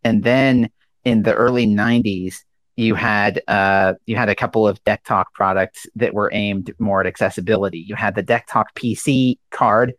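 A man explaining software and speech synthesis history in a casual technical chat, with many ums and uhs. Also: lowish voice, no echo. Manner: hesitant, full of ums and uhs. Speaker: guest speaker.

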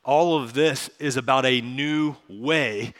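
Man, pastor, sermon, bright forceful voice, long reverb of a church sanctuary. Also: mid-range voice. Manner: earnest, pleading preaching with slow emphatic passages.

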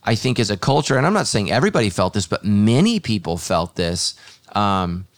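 Earnest low-voiced pastor hosting a podcast. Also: male voice, very animated, a little fast, no room sound. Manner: thoughtful, earnest, with frequent fillers and restarts. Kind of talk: casual podcast conversation.

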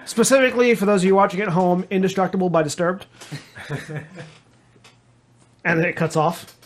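A man's voice: high-pitched, steady tone, fast talker. A man narrating a tabletop game as game master, rambling with many restarts.

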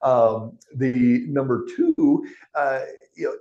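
A man's voice: mid-range voice, drawn-out words, dark tone, lo-fi sound. A man, a doctor guest on a podcast interview, explaining things conversationally and chuckling between his points. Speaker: functional medicine doctor, guest.

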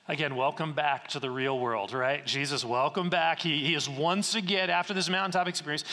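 A man delivering a sermon in an earnest, conversational way, posing rhetorical questions as he explains a passage. His voice sits high and bright for a man. The sound rings with the long reverb of a church hall. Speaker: pastor.

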